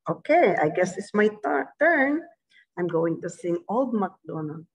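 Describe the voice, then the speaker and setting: A woman's voice: medium pitch, big pitch swings, measured pace, slightly rough. A woman singing a children's farm song for young kids, playful and full of animal sounds, over a video call. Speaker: early years facilitator.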